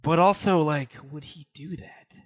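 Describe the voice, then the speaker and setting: A man's voice: on the high side, measured pace, no room sound, studio quality. A man playing a tabletop role-playing game, thinking aloud in a hesitant, casual way. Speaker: player.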